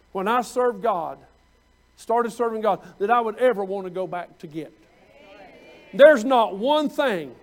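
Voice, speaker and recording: Male preacher, very high voice, folksy and conversational with loud emphatic peaks. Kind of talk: sermon.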